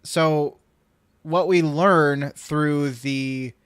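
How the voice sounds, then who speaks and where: Rambling storytelling man, slightly high voice. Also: steady tone, drawn-out words, a bit bright, smooth, no room sound, clean studio sound. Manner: rambling storyteller, acts out quotes. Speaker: podcast host. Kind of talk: casual chat, anecdote.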